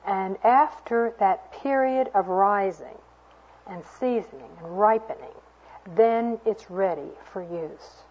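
A woman's voice: medium pitch, expressive, slow pace, a little hiss or hum. A woman giving an earnest, storytelling sermon to a women's gathering, with homely asides. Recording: dull lo-fi recording.

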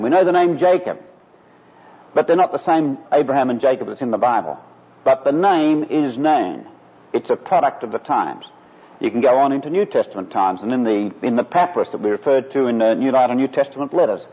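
A man's voice: mid-range voice, animated, a little fast, slightly rough. A man preaching a sermon in an earnest way, rising to emphatic peaks. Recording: lo-fi recording in a reverberant hall.

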